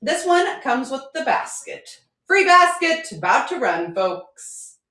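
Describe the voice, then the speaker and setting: A woman's voice: sits high, sing-song, takes it slowly, bright, forceful tone. A woman selling decor in a live auction stream, chatty, upbeat and joking as she goes. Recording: roomy echo.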